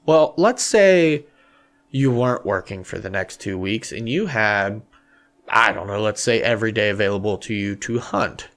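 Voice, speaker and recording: A man's voice: fairly low pitch, fairly even intonation, moderate pace, a bit bright. A man co-hosting a hunting podcast in a small studio, talking casually in long rambling runs full of fillers. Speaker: podcast co-host.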